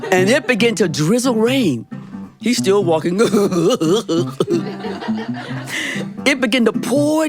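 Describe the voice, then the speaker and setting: A woman storyteller telling a fairy tale in a playful, dramatic way, talking straight to her audience. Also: mid-range voice. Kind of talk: animated live storytelling. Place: live studio performance.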